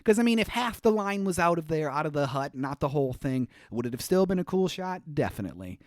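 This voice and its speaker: Male podcast co-host, somewhat high, very animated pitch, rambling and laughing, casual movie recap. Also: fast talker, no room sound, studio quality. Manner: rambling, searches for words, laughs often.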